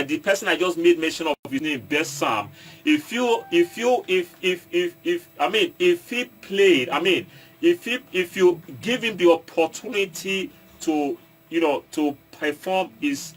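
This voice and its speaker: A man's voice: fairly high pitch, fairly bright tone. A Nigerian man with an Edo State accent, an entertainer addressing his viewers in a casual monologue, stopping and restarting often and slipping into Pidgin. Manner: halting, repeats and restarts, mixes in Pidgin, asks viewers if they follow. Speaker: online commentator and entertainer.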